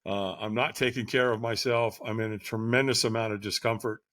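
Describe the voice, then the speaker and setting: An older man, a podcast guest, telling his life story candidly in a conversational way and getting animated when he acts out others. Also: lowish voice, brisk, no room sound, studio quality.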